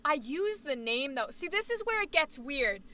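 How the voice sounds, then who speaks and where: American woman streamer, high bright voice, rambling casual chat with lots of swearing. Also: big pitch swings, normal speed, a little hiss or hum. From United States. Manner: chatty, rambling, swears freely. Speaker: live streamer.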